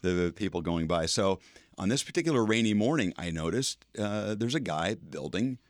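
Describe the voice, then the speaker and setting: Low-voiced older man telling a chatty story. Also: lively intonation, moderate pace, no room sound, clean studio sound. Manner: chatty, curious, laughs often. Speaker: radio feature host. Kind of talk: casual storytelling on morning radio.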